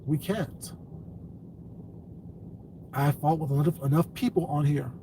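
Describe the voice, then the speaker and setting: A man's voice: on the high side, slow pace. A man live-streaming, lecturing his chat about how to talk to people, blunt and repetitive. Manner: lecturing, then cursing angrily. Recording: distant mic, faint ambient noise.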